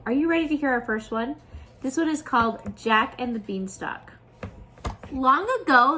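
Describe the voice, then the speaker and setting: Upbeat preschool teacher reading aloud. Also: female voice, a little high. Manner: animated, upbeat, talks to children. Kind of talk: children's storytelling and craft lesson.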